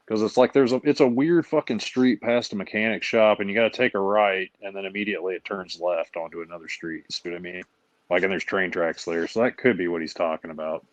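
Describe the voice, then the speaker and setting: A man hosting a casual talk show, telling stories in an animated, profane way and acting out quotes. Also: sits low, fast talker, no room sound. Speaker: show host. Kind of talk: casual chat. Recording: dull lo-fi sound, dry.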